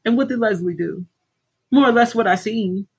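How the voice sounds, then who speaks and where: Her voice is on the high side, a little mellow and slightly rough, moving at a moderate pace. This middle-aged woman coaches livestream viewers through a casual pep talk that's blunt, preachy and full of swearing, in lo-fi sound.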